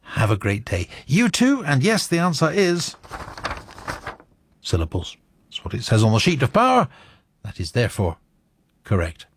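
A man's voice: medium pitch, sing-song, moderate pace, husky. A man presenting a radio show, reading out listener messages with dry, wry teasing asides.

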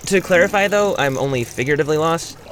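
A relaxed, cheerful character from a radio ad, voiced by a man, who is always getting lost. His voice sits somewhat high, and his lines come out casual and amused. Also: quick pace, a little hiss or hum, natural voice. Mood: easygoing. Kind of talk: radio ad acting.

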